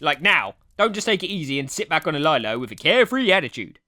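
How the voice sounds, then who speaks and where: A man telling a comic story from his childhood as an animated storyteller. His bright voice swings widely in pitch as he jokes along. The sound is dry and close, with no room echo. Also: quick pace. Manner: chatty, jokey, playful character voices. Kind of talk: comedic animated storytime narration.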